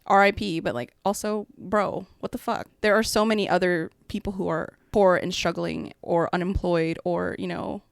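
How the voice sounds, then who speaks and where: A woman's voice: mid-range voice, no echo, studio quality. A young adult woman hosting her own podcast, ranting in a blunt, profane, sarcastic way and laughing between points. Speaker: podcast host. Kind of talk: casual solo podcast rant.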